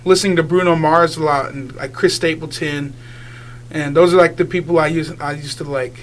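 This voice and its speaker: A young man appearing as a guest singer chats casually in a radio interview, rambling along with lots of "like"s and laughing easily. His voice is a little high and a little fast, with fairly even intonation.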